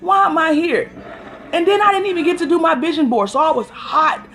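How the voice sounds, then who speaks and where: An extremely high-pitched woman speaks briskly in a fairly bright tone, with faint music behind her. As host of a casual phone livestream, she tells an exasperated story and greets viewers by name as she goes.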